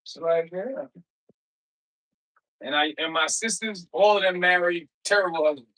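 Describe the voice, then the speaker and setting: A man with a high voice chats on his livestream, loose and slangy, drifting from thought to thought. His tone is bright and forward. He keeps breaking off to greet viewers in the chat by name. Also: a little slow, poor audio. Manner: rambling, talks straight to viewers in chat; loose, slangy everyday speech. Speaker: livestream host.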